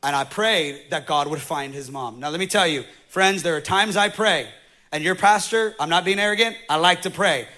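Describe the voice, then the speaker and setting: High-voiced male pastor preaching. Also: normal speed. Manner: storytelling, builds from quiet to loud preaching. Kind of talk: sermon.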